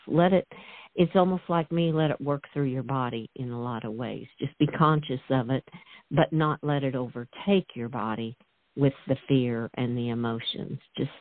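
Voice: mid-range voice, no room sound. Affirming host on a tinny call line. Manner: affirming, conversational. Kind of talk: casual chat. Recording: tinny phone-line audio, dry.

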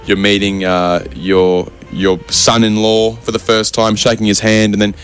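A man's voice: on the low side, faint music behind. A man co-hosting a comedy podcast, ranting animatedly and joking. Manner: animated, ranting, quick-witted. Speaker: podcast co-host. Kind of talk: comedic banter.

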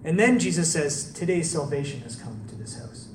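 Male preacher, conversational and animated, recorded from a distance with faint background noise. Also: a little high, moderate pace, roomy sound. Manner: conversational, animated storytelling with rhetorical questions. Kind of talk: sermon.

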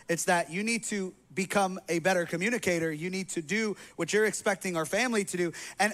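High-voiced pastor telling a funny story. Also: male voice, a bit bright. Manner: conversational and humorous, slangy asides to the congregation. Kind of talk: sermon with personal storytelling. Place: church sanctuary.

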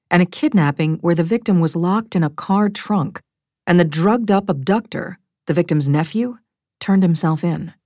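A woman reading a first-person thriller audiobook in a measured, wry storytelling manner, close to a studio mic. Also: lowish voice, a little mellow, no echo. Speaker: audiobook narrator.

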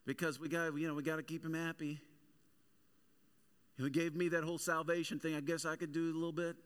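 Bright-voiced man preaching a sermon. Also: fairly high pitch, flat delivery, a little fast, clean tone. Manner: conversational storytelling with humor, building to emphatic preaching. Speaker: pastor.

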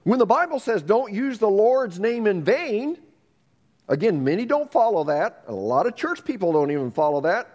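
Lively-pitched preaching man. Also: moderate pace, dull audio. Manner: animated preaching, acts out inner voices, repeats words. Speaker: pastor. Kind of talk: sermon.

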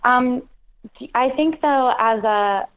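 A woman's voice: a little high, slow pace. An American woman guest on a phone interview, self-deprecating, laughing often and restarting her sentences. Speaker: comedian guest. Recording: tinny phone line.

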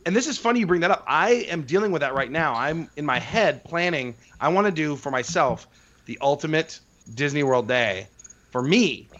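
A man's voice: on the high side, animated, normal speed, a bit bright, muffled recording. A man co-hosting a podcast, chatting casually and rambling with enthusiasm. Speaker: podcast co-host.

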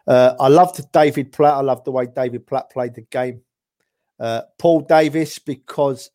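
A man's voice: mid-range voice, darkish tone. A man in casual chat, reminiscing about favourite players, rambling with chuckles and restarts. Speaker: podcast guest, football fan.

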